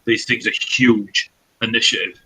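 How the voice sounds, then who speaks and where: A man's voice: fairly low pitch, level tone, unhurried, pushed and bright, husky, low-quality recording. A man narrating as dungeon master, loose and sweary, with many fillers. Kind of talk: narrating a tabletop game.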